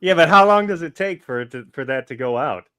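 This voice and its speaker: A man from the United States co-hosting a podcast, laid-back and trailing off softly. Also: a little high, expressive, fast, clear, resonant tone, no room sound. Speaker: podcast co-host. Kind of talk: casual chat.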